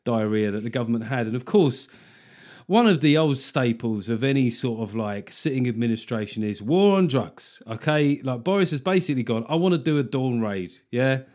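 A man hosting a podcast, telling stories in a sweary, jokey, animated way. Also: medium pitch, normal speed. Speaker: podcast host. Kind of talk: casual comedic chat.

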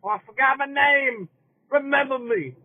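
A man calling into a podcast, loud, eager and rambling. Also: very high-pitched, moderate pace, crowd noise. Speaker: caller. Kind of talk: phone call to a podcast. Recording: tinny phone line.

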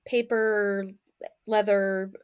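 A woman's voice: mid-range voice, level tone, extremely slow, clean tone. A woman playing her character in a tabletop role-playing game, chatty and full of "like" fillers. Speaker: player.

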